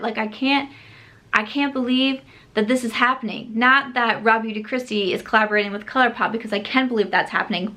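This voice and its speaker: A woman beauty vlogger chatting casually to camera, gushing and excitable, with lots of filler "like" and quick self-corrections. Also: on the high side.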